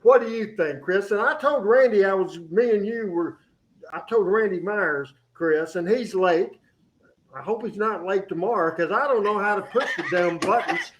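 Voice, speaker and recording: A man hosting a radio show in casual studio chat, energetic and rambling, with many fillers and restarts. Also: high voice, moderate pace, slight background noise, low-quality recording.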